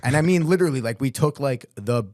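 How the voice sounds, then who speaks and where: A man's voice: medium pitch, fast, darkish tone, dry recording, clean studio sound. A young man telling tour stories in a casual podcast chat, laid-back and slangy, with lots of "bro" and "like.". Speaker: guest vocalist.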